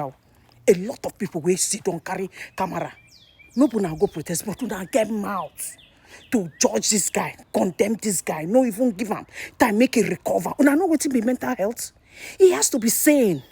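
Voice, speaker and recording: A Nigerian woman vlogger with an animated manner, talking to her viewers in casual commentary. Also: medium pitch, husky, no echo. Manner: animated, mixes Nigerian Pidgin and English.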